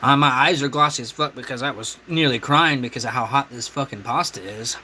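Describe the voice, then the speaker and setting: A man's voice: mid-range voice, fairly quick, pushed and bright, slight background noise, low-quality recording. A man hosting a cooking livestream, trading crude, profane insults with viewers in a brash, mocking way. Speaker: livestream host.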